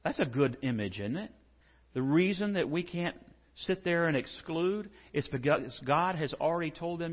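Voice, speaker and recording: A pastor preaches in a fairly high, husky man's voice, talking with his congregation through rhetorical questions and pushing harder on his key points. The sound carries a long reverb from a church hall. The recording is dull and muffled. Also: moderate pace. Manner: conversational, rising to animated emphasis with rhetorical questions. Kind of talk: sermon.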